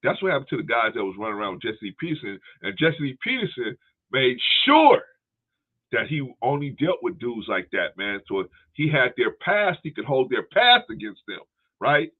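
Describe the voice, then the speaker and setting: Animated man on a tinny phone-like line. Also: medium pitch, moderate pace. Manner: animated, laughing, peppers speech with "man". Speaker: livestream commentary host. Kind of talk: casual commentary with viewer shout-outs.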